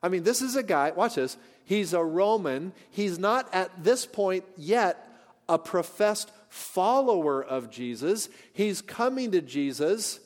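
A high-pitched man preaches to his congregation with earnest, searching questions. His voice swings from loud declarations to hushed asides. A long church reverb trails every phrase. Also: lively intonation, a little slow. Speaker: pastor. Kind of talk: sermon. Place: church sanctuary.

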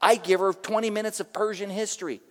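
A middle-aged male pastor from the San Francisco area, preaching a sermon with lively personal stories in a church. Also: sits high, fast talker. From San Francisco area, USA. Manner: animated, emphatic storyteller. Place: church sanctuary. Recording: reverberant church hall.

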